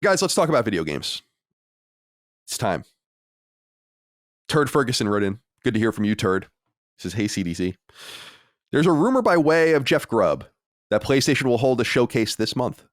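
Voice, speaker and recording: A man's voice: medium pitch, sing-song, moderate pace, pauses often, no room sound. A man hosting a podcast in casual chat, reading listener mail with playful, mock-boastful banter. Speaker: podcast host. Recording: dry close mic.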